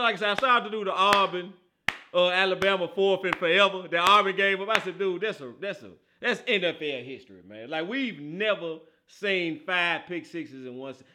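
A man hosting a casual football podcast, talking in animated, slangy banter and laughing often. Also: sits high. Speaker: podcast host. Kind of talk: casual football talk show.

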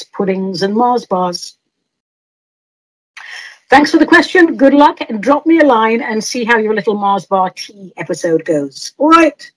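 A woman's voice: a little high, low-quality recording. A woman hosting an advice podcast, answering listener letters in a playful, teasing way and laughing often.

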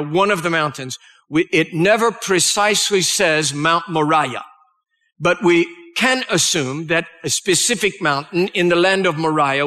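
A man delivers a sermon in a high-pitched voice. His tone is bright and forceful as he reads scripture aloud. He pauses to explain passages and leads his listeners in prayer. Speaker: pastor.

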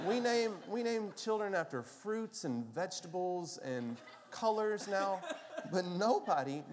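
A man's voice: a little high, a little mellow. A man preaching a sermon as pastor, telling stories in a conversational way and often asking the listeners questions. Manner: conversational storytelling with rhetorical questions. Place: church sanctuary. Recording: long reverb of a large hall.

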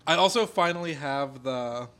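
A man's voice: a little high, moderate pace, fairly bright tone. A young man co-hosting a casual podcast stream, swearing freely and laughing mid-sentence. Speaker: podcast co-host. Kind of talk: casual chat.

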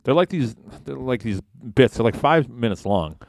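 A man's voice: mid-range voice, moderate pace, gravelly, no echo, clean studio sound. A man co-hosting a podcast in casual chat, swearing and laughing often. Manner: animated, swearing, laughing, doing loud impressions. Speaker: podcast co-host.

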